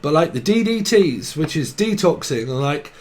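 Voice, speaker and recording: A man's voice: a little high, sing-song, moderate pace, a little mellow. A man giving a loose, free-associating tarot reading, riffing on words and laughing at himself. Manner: free-associating wordplay, giggly asides. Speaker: tarot reader. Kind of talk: rambling tarot channelling monologue.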